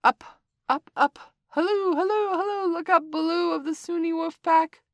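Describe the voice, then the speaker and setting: A woman voicing a male kite bird in a storybook reading, calling out high and loud as an urgent messenger. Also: expressive, a little slow, no room sound, clean studio sound.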